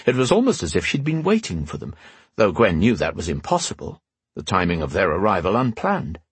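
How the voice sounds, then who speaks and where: A male audiobook narrator reads a fantasy story in scripted narration, his delivery expressive and measured. His husky voice moves a lot in pitch, and the recording sounds dry and close with no room sound.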